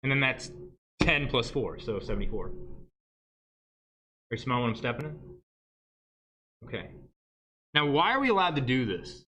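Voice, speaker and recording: Man, math teacher, livestream lesson, joking, animated pitch, bright tone. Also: moderate pace, long pauses, slight background noise. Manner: joking, asks "right?" constantly.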